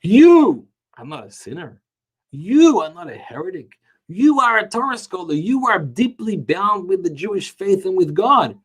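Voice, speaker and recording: A fairly high-voiced man gives a Talmud class, his pitch rising and falling over a wide range as he tells the story. He slows down to stretch the words he wants to stress, and his delivery is emphatic and animated. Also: husky. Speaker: Torah teacher.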